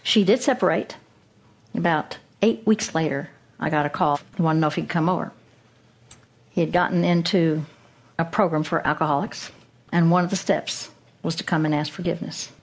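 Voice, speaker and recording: A woman's voice: sits low, moderate pace. A woman Bible teacher giving an earnest, emphatic Christian teaching talk, asking pointed questions.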